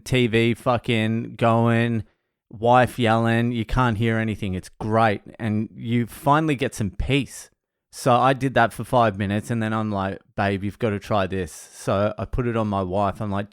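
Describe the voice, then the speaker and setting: A man in the middle range of pitch tells rambling anecdotes, thick with swearing. He speaks as a stand-up comedian on a casual vlog. The sound is dry and close, with no room echo. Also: clear, resonant tone. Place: home in Australia.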